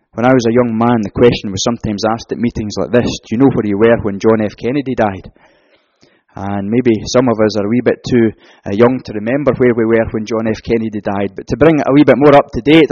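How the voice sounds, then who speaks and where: Older guy preaching earnest gospel sermon, mid pitch voice, dead dry sound. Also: dry recording. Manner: earnest, building emphasis, quieter and slower in prayer. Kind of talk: evangelistic sermon and closing prayer. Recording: dull, dry lo-fi recording.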